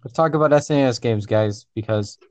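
A man's voice: medium pitch, brisk, dry recording. A man on a casual podcast who talks in a dry, teasing way. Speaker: podcast co-host. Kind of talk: casual chat.

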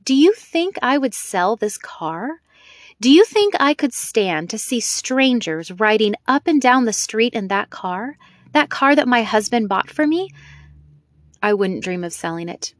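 A woman's voice: on the high side, big pitch swings, unhurried, dry recording, voice pushed up. A woman reading the part of a lonely, proud elderly widow, speaking emphatically, in a dry recording. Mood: indignant.

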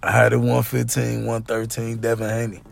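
A man's voice: mid-range voice, monotone, moderate pace, creaky, no echo. A man hosting a podcast, trading laughing, profane banter about boxing. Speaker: podcast host. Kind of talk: casual chat.

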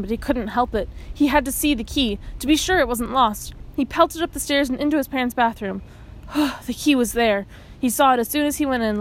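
A woman reading a children's novel aloud in steady scripted narration. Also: a little high, rough recording. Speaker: audiobook reader.

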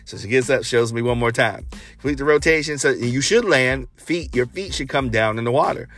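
A man hosting a podcast, telling a personal story in a casual, animated way and acting out the dialogue. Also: a little fast, faint music behind. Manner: animated, acts out quoted dialogue with big pitch jumps. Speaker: podcast host.

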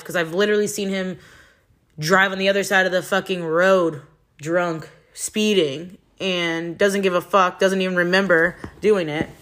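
A woman's voice: fairly low pitch, fairly bright tone. Young woman, blunt, profane, rambling, exasperated, candid vlog vent. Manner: frank and heavily profane, rambling with restarts; frustrated and exasperated. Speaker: vlogger.

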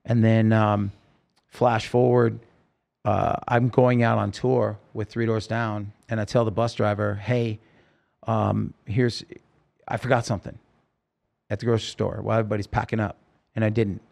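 A man's voice: on the low side, little pitch movement, normal speed, vocal fry, a little mellow. A man telling his story as a podcast guest, rambling and emotional, with many fillers. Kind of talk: casual storytelling interview.

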